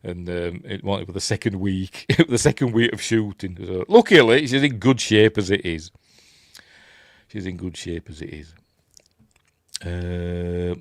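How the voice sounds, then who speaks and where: Chatty Yorkshire man with a lively, lowish voice. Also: dry recording, clean studio sound. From Yorkshire, England. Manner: rambling and chatty, chuckling, acting out quoted lines in raised voices. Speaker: film review host. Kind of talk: casual film breakdown.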